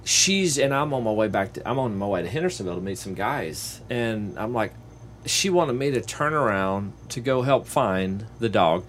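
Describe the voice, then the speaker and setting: Animated man telling a story. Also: moderate pace, slight background noise. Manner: animated, acts out quoted voices in a higher pitch. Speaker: podcast host and real estate agent. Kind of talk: casual storytelling chat.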